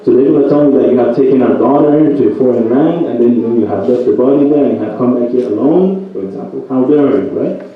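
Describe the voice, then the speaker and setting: A man's voice: medium pitch, quick pace. A man giving a night sermon who tells a story and keeps checking in with his listeners with "right?". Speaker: religious speaker. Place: religious center hall. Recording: roomy echo, distant mic, dull sound.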